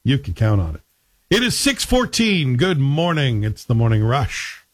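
A man's voice: medium pitch, sing-song, unhurried, dry recording. A man hosting a morning radio show, chatting and joking casually with his co-hosts. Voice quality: talkative, joking.

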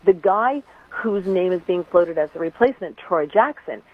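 A woman's voice: lowish voice, lively intonation, moderate pace. A woman guest on a radio show, giving her opinions in casual political chat, talking in long run-on stretches. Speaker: radio host guest commentator. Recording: tinny phone line.

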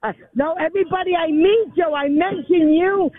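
A woman's voice: very high voice, moderate pace. A woman in her eighties from the Bronx, calling in to a radio show and chatting on, often repeating the host's name. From the Bronx, New York. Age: 80s. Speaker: phone-in caller. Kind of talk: casual phone chat. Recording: tinny phone line.

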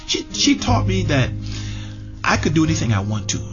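A man's voice: on the high side, wildly swooping pitch, moderate pace. Middle-aged man telling a heartfelt story. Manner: conversational, with many fillers and repeated words. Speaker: interviewee. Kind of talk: personal storytelling. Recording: dull lo-fi radio audio with music behind.

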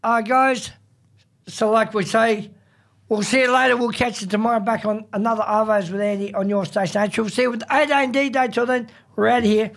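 A man's voice: high-pitched, steady tone, fairly quick, gravelly, fairly bright tone. A man with an Australian accent hosting a casual afternoon radio show, laid-back and folksy, repeating himself. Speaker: radio host.

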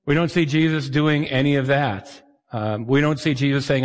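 A man preaching a sermon as pastor, conversational and animated, sometimes acting out the voices of the people he quotes. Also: mid-range voice, moderate pace. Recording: long hall reverb.

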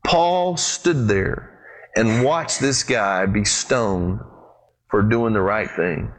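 A pastor preaching a sermon, retelling the story with lively, sweeping swings in his voice and speaking straight to his congregation. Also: drawn-out words. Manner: animated storytelling with big pitch swings; addresses the congregation directly.

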